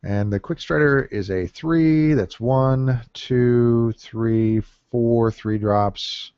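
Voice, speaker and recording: A man's voice: mid-range voice, extremely slow, a little mellow, clear, resonant tone, no echo. A man giving casual commentary while drafting in a card game, thinking aloud with many fillers and counting under his breath. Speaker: gameplay commentator. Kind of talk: casual deck-building commentary. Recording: dull lo-fi dry mic.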